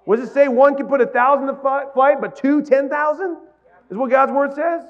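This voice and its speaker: A man's voice: very high-pitched, a little fast, dull audio. A male pastor giving a sermon, talking casually with the congregation and rising to emphatic peaks. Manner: conversational preaching, builds to emphatic peaks.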